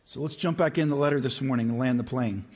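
A man preaching a sermon as pastor, conversational and emphatic, slowing down to stress key words. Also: mid-range voice, a little mellow, husky. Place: church sanctuary. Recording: long hall reverb.

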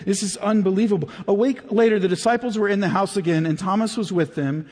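Husky high-voiced man preaching. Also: fairly quick. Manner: conversational, swings between animated and hushed. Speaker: pastor. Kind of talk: sermon. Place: church sanctuary. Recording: reverberant hall.

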